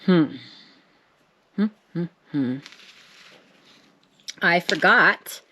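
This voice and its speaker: A lowish, fairly bright voice belongs to a middle-aged woman who vlogs about crafts. While making art she chats casually, talks to herself, and jokes at her own expense.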